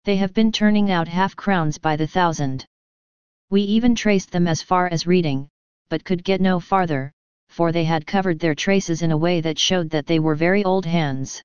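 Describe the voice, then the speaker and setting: A woman's voice: fairly low pitch, normal speed, darkish tone, smooth, no room sound, lo-fi sound, natural voice. A woman voicing a confident, jovial male police inspector in an audiobook. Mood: brisk.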